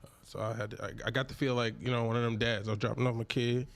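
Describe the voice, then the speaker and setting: A man's voice: mid-range voice, very fast, gravelly. A man co-hosting a casual podcast, telling a story with energy and acting out what people said. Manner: animated storyteller, acts out quotes. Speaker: podcast co-host. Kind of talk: casual chat.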